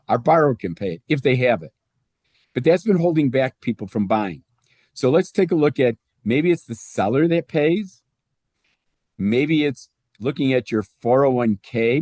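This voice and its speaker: Man, conversational, step-by-step explaining, dry room, mid pitch. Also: a little mellow, no room sound. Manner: conversational, walks through numbers step by step. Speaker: real estate presenter. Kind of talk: explaining loan math to realtors.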